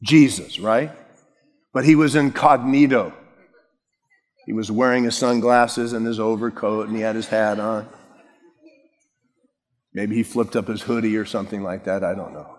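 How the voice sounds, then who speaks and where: A man's voice: on the low side, normal speed, pauses often, in a large hall. A male pastor preaching a sermon, telling Bible stories casually and with humor, acting out the characters. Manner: storytelling, acting out biblical characters with lively voices.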